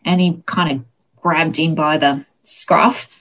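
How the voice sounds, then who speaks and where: A woman tells stories in a casual, animated way, full of quick anecdotes. Her voice sits a little low for a woman. She sounds relaxed and conversational as a guest. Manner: chatty, animated anecdotes with laughs. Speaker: guest, local music historian. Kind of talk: casual storytelling interview.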